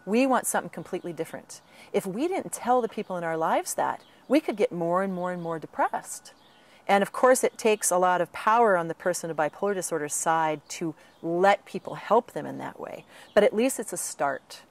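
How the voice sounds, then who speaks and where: A woman speaks in an interview, laying out her advice in a steady, earnest way. She breaks now and then into animated quoted voices of other people. Her breathing sounds a little strained. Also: mid-range voice, moderate pace. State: slight breathing trouble. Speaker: author and patient advocate. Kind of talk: interview answer.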